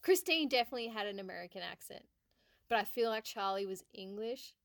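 A woman's voice: medium pitch, animated, fairly quick, vocal fry, fairly bright tone, dry recording, studio quality. A woman chatting casually on a podcast, giggly and self-deprecating. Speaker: podcast co-host. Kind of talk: casual chat.

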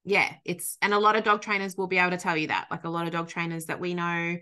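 An Australian woman, a dog trainer co-hosting a podcast, chatting casually and telling animated stories. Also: fairly low pitch, fast, smooth. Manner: animated storytelling, frequent laughter, loose swearing. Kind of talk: casual chat.

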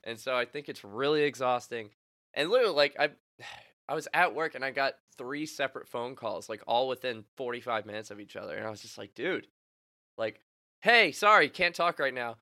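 Bright-voiced young man telling stories. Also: medium pitch, brisk, no room sound, studio quality. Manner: laughs often, animated storytelling with voiced quotes. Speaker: podcast co-host. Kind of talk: casual chat.

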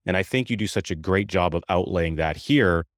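A man's voice: low voice, moderate pace, dry recording, studio quality. A man hosting a podcast, asking a long, chatty question and laughing easily. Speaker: podcast host. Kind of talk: conversational interview questions.

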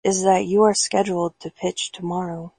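Brief: upbeat ghost ballplayer, read by a woman, creaky and husky. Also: on the low side, flat delivery, moderate pace, dark tone, dry recording. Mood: wry. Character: dead man, cheerful ballplayer in heaven.

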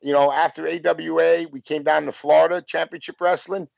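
A man in his fifties spins loose, rambling stories as an interview guest, stumbling through restarts and filler. His voice sits a little high and gravelly. The sound is dry and dull, lo-fi. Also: little pitch movement, a little fast, no echo. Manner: rambling, full of "you know" and restarts. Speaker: guest, former pro wrestler. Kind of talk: casual storytelling interview.

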